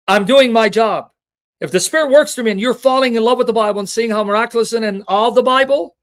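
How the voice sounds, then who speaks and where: A man with a very high-pitched, slightly bright voice hosts a livestream Bible teaching. Passionate and emotional, he talks directly to the people watching, reading scripture references aloud and asking rhetorical questions.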